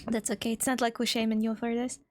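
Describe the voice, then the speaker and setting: A woman's voice: fairly high pitch, little pitch movement, fast talker, no room sound. A young woman with a Russian accent, a VTuber chatting casually on a livestream, reading chat aloud and laughing often. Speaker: VTuber streamer.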